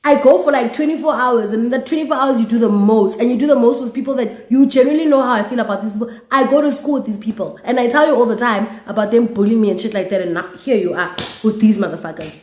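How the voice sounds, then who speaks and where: A young woman from South Africa with a South African accent, telling a storytime vlog in a lively, candid way with swearing. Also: on the high side, fast talker, hardly any pauses. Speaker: YouTuber. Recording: roomy echo.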